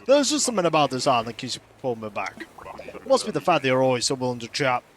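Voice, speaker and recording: Breezy game frog, male, chatty and cheerful , voiced by a streamer reading aloud, lively lilt. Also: mid-range voice, fast, pitched below the performer's own voice, natural voice. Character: chipper wandering male frog villager.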